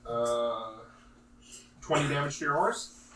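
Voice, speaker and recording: A man's voice: mid-range voice, slow. Distant, echoey male game master. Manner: matter-of-fact, explains rules patiently. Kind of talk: narrating tabletop combat. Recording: roomy, distant mic, faint noise.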